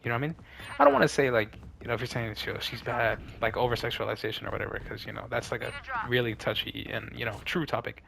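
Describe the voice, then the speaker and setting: A man's voice: medium pitch, lively intonation, racing, creaky, a bit bright, a little hiss or hum. A young man rambling casually with slang and lots of fillers while he plays a game. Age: young adult. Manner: laid-back slangy rambling with many fillers. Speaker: streamer.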